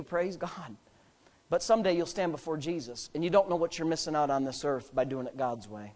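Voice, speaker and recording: A male pastor preaching with great emphasis, his pitch rising and falling widely. He fires rhetorical questions and swings from quiet, confiding asides to shouted peaks. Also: animated, fairly quick. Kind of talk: sermon.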